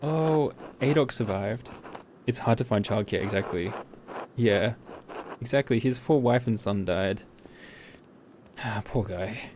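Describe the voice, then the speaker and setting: A man's voice: on the low side, unhurried, long pauses, noisy background. A man streaming a story game, chatting and reacting to what happens on screen. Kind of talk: let's play commentary and reading game dialogue.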